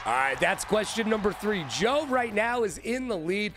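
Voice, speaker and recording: A man hosting a live-streamed trivia show, hyped and playful, shouting out viewers by name. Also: high-pitched, big pitch swings, normal speed, hardly any pauses, faint music behind.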